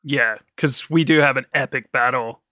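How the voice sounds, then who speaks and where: A man's voice: medium pitch, moderate pace, sharp tone, a little hiss or hum. A man hosting a film podcast in casual chat, teasing and bantering with his co-host.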